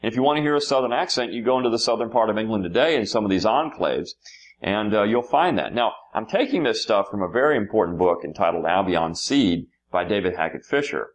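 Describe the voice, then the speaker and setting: A man giving an unscripted history lecture to his students, pausing often with fillers and restarting sentences. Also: on the low side, animated. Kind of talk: classroom lecture.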